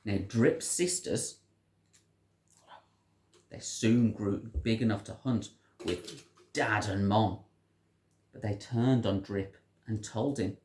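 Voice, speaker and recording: A storyteller reading a picture book aloud to a child in an animated, sing-song way. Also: medium pitch, slow, pauses often. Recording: roomy echo.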